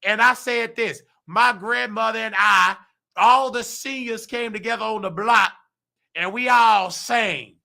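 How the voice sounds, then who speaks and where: A man's voice: high voice, measured pace, creaky, bright, forceful tone. A man hosting his own vlog and ranting heatedly in a preachy, slangy way about his work as a nursing assistant. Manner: mimics other people's voices in quotes. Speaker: host.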